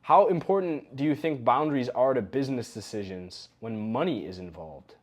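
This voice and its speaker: A young adult man giving a recorded coaching lesson in a relaxed, conversational way, often acting out example phrases. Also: mid-range voice, moderate pace. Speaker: coaching course instructor.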